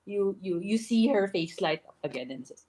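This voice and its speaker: A woman's voice: mid-range voice, expressive, normal speed, darkish tone, poor audio. A woman with a Filipino accent narrating a tabletop game as game master, often restarting her sentences and laughing.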